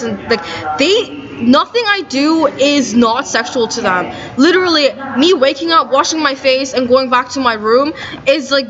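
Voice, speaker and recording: A woman's voice: high-pitched, fairly bright tone. Indignant woman ranting, lo-fi sound. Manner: agitated and indignant, many "like" fillers. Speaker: vlogger. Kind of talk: rambling monologue to camera. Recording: dull lo-fi audio with faint noise.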